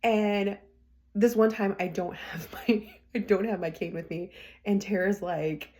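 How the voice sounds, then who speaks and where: A woman's voice: mid-range voice, steady tone, unhurried, dark tone. A woman hosting a podcast, telling stories in a chatty way, laughing often and acting out what people said. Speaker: podcast host. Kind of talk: casual storytelling.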